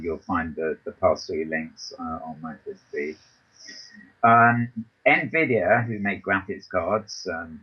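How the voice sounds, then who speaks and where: Low husky guy hosting a news roundup, lots of ums, muffled computer call sound. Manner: hesitant, many ums and restarts. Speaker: podcast host.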